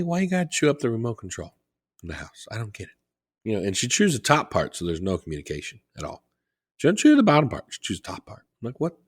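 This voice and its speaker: A man's voice: medium pitch, slightly rough. A man co-hosting a podcast, talking casually and rambling as he plugs a local business. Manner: rambling, repeats phone number for promotion. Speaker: podcast co-host. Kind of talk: casual chat. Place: Southwest Florida.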